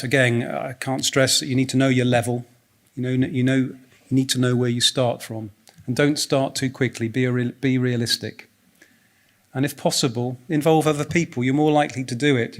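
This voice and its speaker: A man's voice: medium pitch, steady tone, a little fast. Man presenting at a medical conference. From United Kingdom. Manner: hesitant, many fillers and restarts, light laughs. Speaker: doctor giving a conference talk. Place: conference hall.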